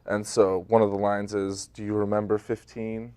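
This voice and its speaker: A man with a fairly deep voice talks easily and thoughtfully about his stage role in a studio interview. The recording is dry and close-miked. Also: level tone, moderate pace, a little mellow, clear, resonant tone, no echo. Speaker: stage actor. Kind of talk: local TV interview.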